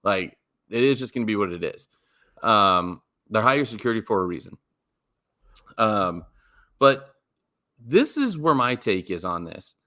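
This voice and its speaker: A man's voice: lowish voice, very animated, a little slow, pauses often, sharp tone. A man co-hosting a sports podcast, talking in a rambling, emphatic way with many fillers and restarts. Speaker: podcast co-host. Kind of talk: casual sports podcast chat.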